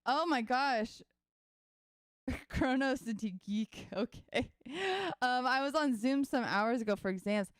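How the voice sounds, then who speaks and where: A young woman with a high, bright-pitched voice chats to her livestream viewers from home, giggling often and filling her talk with "like" and "um". Her voice sits dry and close to a computer mic, with no room sound around it. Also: slow, clean tone, no room sound. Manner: chatty and giggly, many fillers like "like" and "um". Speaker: livestream host and singer. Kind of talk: casual chat with livestream viewers.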